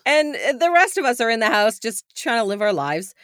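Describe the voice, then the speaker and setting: A woman tells stories on a podcast, laughing often. Her voice sits a bit high and jumps all over the place. The sound is close and dry, with no room echo. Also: a little fast. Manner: animated storyteller, laughs often. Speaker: podcast co-host. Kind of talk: casual chat.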